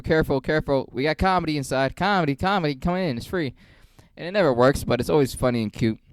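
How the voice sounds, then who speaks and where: A man's voice: medium pitch, a little mellow, clean tone, no room sound. A young man, a stand-up comedian, rambling through a casual vlog with lots of swearing and self-mockery. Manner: rambling, profane, self-mocking.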